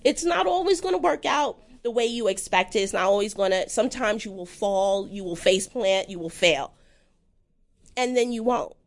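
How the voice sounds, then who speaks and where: A woman talking casually as an interview guest, animated and self-deprecating, often jumping into high mimicking voices. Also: normal speed.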